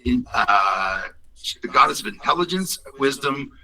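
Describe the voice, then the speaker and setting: A man's voice: mid-range voice, very animated, a little slow, pushed and bright, recorded from a distance, rough recording. A man presenting his company's products on a call, in a rambling, upbeat way with many fillers and restarts. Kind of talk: casual business presentation on a call.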